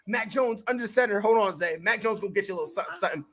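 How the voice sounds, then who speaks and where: A streamer giving casual live play-by-play commentary, slangy and excitable, chatting with viewers between plays. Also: mid-range voice, very fast, hardly any pauses. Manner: excitable, bursts into shouted reactions and laughter. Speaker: sports streamer.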